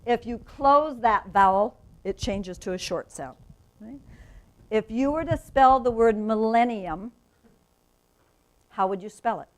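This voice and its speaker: A woman who teaches reading methods at a university, giving a lively professional development lecture to teachers and often checking in with the audience. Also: a little high, measured pace, long pauses, poor audio. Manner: enthusiastic, asks the audience questions, frequent "right?". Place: conference room.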